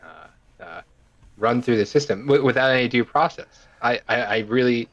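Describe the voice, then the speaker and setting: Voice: medium pitch, moderate pace, dull audio. A stream co-host making mock-serious, hesitant comments in casual commentary.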